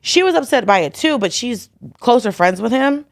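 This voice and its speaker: An American woman comedian, a guest on a casual podcast chat, tells stories bluntly and energetically, acting out the dialogue she quotes in animated fashion. Her voice is a little high and creaky at a moderate pace, captured in a dry, clean studio recording.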